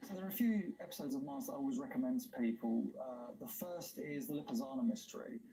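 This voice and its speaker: A man's voice: medium pitch, fast, over music, low-quality recording. A man hosting a livestream in casual chat, talking enthusiastically and rambling, with frequent laughs. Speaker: livestream host.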